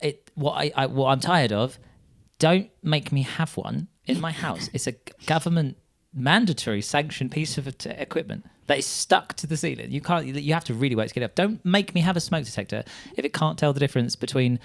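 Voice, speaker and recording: A woman comedian on a casual chat, ranting in a mock-indignant, deadpan way. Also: low-pitched, a little fast, vocal fry, hardly any pauses. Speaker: comedian guest.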